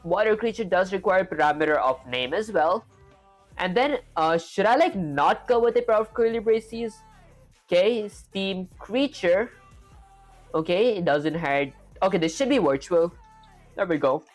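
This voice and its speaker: A man's voice: high voice, expressive, measured pace, faint music behind. A young man with an Indian accent live-streaming his coding, thinking aloud through each step and chatting with viewers.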